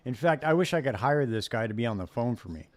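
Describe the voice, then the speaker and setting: A man's voice: medium pitch, quick pace. A man streaming a game live and chatting casually, rambling and leaning on "dude" all the time. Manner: rambling, says "dude" constantly. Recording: steady background noise.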